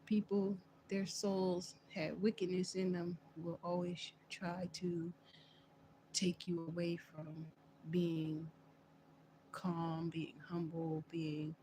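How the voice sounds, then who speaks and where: A woman's voice: on the low side, level tone, slow, background noise. A woman host on a livestream talking casually about her faith, earnest and repeating her phrases as she builds a point. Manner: earnest, repetitive, loops back on phrases. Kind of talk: casual religious monologue.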